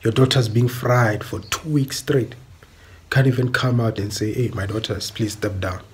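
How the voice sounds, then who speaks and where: A South African man rants angrily on a stream, blunt and emphatic, repeating himself and swearing throughout the monologue. His voice is mid-range, with fairly even intonation and a normal speed.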